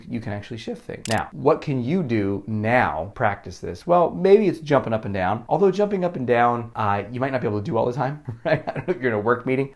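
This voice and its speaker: A man in the middle pitch range gives a relaxed, conversational lesson on confidence. He acts out the nervous inner voices of the people he coaches and breaks into easy laughter. His voice swings with expression as he talks. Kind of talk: instructional talk to camera.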